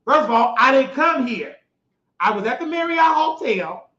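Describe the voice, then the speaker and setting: A man hosting his show, telling a story in an emphatic, repetitive way that bursts into shouting. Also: extremely high pitch, lively intonation, moderate pace. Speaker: host. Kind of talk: animated storytelling monologue. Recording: echoey, dull lo-fi recording.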